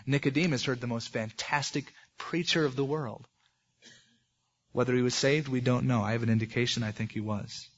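A man's voice: medium pitch, steady tone, normal speed. A man preaching an expository sermon in a conversational way, acting out the voices of people in the passages he quotes. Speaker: pastor. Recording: dull lo-fi recording.

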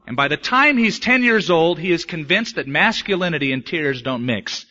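A man preaching a sermon, swinging between hushed, slow lines and emphatic, raised ones. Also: a little high, expressive. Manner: dramatic swings between soft and emphatic delivery. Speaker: pastor. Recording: muffled lo-fi recording.

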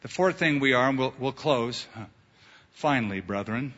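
A male pastor preaching a sermon, animated, acting out quoted voices in his stories. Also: mid-range voice, normal speed, a little hiss or hum. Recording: dull lo-fi sound in a reverberant hall.

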